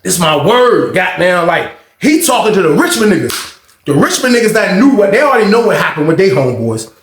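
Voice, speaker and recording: A man hosting a casual storytime monologue, animated and profane, acting out the voices in his tale. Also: sits high, a little fast, roomy sound, a little hiss or hum. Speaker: storytelling channel host.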